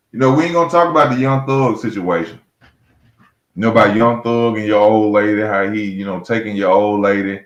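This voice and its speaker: A man's voice: mid-range voice, roomy sound, lo-fi sound. A man hosting a heated solo boxing rant, blunt and mocking, repeating his points and calling fighters out directly. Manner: blunt, mocking, repetitive, speaks straight to fighters. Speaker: boxing commentary host.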